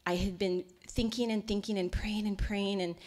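A woman's voice: medium pitch, steady tone, moderate pace. Heartfelt woman telling a story. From Hawaii. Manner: heartfelt storyteller, often dropping to a hushed near-whisper. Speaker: lecture speaker. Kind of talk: storytelling lecture.

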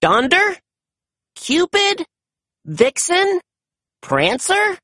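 A woman voicing an eager young male puppy police dog in a storybook read-aloud, calling out excitedly. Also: lowish voice, unhurried, slightly rough, dry recording, clean studio sound, voice pushed up, full character voice.

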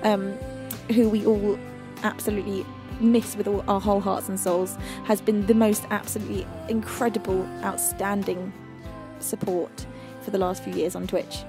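A woman's voice: medium pitch, little pitch movement, normal speed. A British woman hosting a live music stream, chatting affectionately and giggly with her viewers from her home studio. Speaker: livestream music host. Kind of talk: casual chat with viewers.

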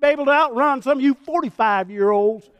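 A man in his sixties preaching a sermon as pastor, folksy and fervent, swinging from hushed talk to shouts. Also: very high-pitched, fairly quick, smooth, dry recording. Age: 60s.

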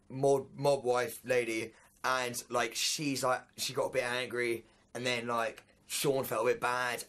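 A man, chatting excitedly and laughing in a reality show house. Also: medium pitch. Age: 20s. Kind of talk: casual chat.

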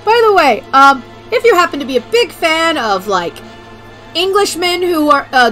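An excitable woman streaming a video game, chatting loosely, laughing and cursing as she plays. Her voice is high and bright, with faint game music underneath. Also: moderate pace, rough recording. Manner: excitable, giggly, swears, reads game text aloud. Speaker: let's play streamer. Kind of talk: casual gameplay commentary.

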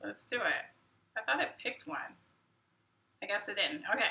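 A woman's voice: medium pitch, expressive, moderate pace, creaky, bright, forceful tone. A woman hosting her own live stream in casual chat, self-deprecating and muttering asides to herself. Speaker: YouTube host. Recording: roomy echo, mic at a distance.

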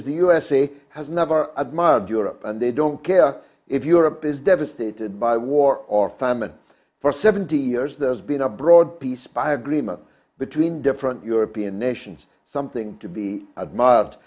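A man's voice: mid-range voice, moderate pace, a little mellow. A man hosting a talk show, delivering an emphatic, oratorical monologue.

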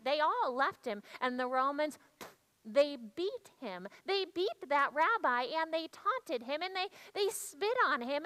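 Bright high-voiced woman telling a story. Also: rough recording. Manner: hushed, reflective storytelling. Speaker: church storyteller. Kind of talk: first-person dramatic monologue.

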